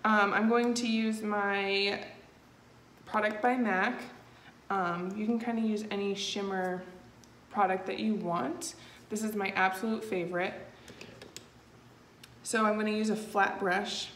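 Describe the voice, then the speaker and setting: A woman's voice: mid-range voice, fairly even intonation, measured pace, long pauses, a bit bright. Chatty woman in an echoey room. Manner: chatty and easygoing, with frequent "um" fillers. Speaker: makeup tutorial host. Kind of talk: casual step-by-step tutorial. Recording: echoey room with faint noise.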